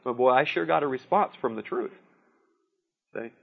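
A man's voice: mid-range voice, lively intonation, moderate pace, gravelly. A man giving a sermon in a conversational way, telling personal stories and often checking in with "See?" and "Okay?". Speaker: preacher. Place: room with a live audience. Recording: dull lo-fi recording.

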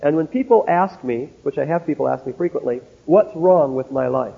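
A man's voice: fairly high pitch, fairly quick, gravelly, husky. A man lecturing students like a sermon, earnest and direct, telling stories with asides at a board in a classroom. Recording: tinny narrow-band old recording.

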